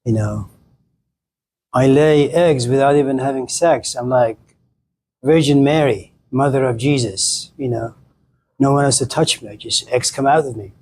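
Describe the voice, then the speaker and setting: A man's voice: mid-range voice, moderate pace, darkish tone, slight background noise, close to an everyday voice, low-quality recording. A man voicing a proud, vain talking chicken in a cooking pot, boastful and indignant, as part of a told story.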